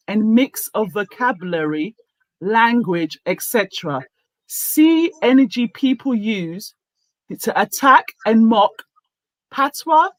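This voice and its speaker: A woman hosting a casual online talk show, speaking deliberately and reading out her own posts with emphasis. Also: on the high side, dry recording, low-quality recording. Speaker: host.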